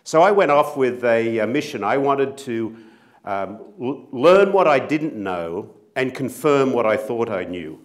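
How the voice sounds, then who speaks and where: A man's voice: mid-range voice, animated, measured pace. Australian man giving a speech. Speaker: company CEO speaker. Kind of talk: speech to an audience.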